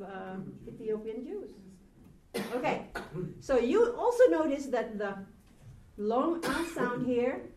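A woman's voice: fairly high pitch, darkish tone. A woman teaching a Hebrew grammar lesson to a class, patient and asking the students questions. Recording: roomy, from far off, faint noise.

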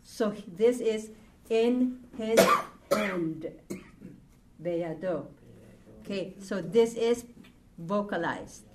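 A woman's voice: mid-range voice, lively intonation, drawn-out words, long pauses, background noise. A woman teaching a language class, patiently repeating words and explaining rules to her students. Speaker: Hebrew teacher.

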